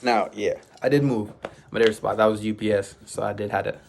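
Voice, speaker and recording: A young man casually recounting his own experience in a vlog, rambling with restarts and sound effects like "boom". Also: fairly even intonation, fast, creaky, slight background noise. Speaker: vlogger. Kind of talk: casual storytelling.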